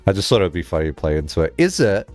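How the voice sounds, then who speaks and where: Animated male streamer telling a rambling story. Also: low-pitched, racing, faint music behind. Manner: animated, rambling, swears, lots of "like". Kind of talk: casual storytelling chat while playing a game.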